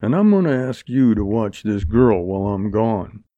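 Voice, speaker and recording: A man reading an audiobook, voicing a gruff, guarded outlaw speaking in a low, measured, warning way. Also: animated, mellow, no echo, natural voice. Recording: dull lo-fi recording.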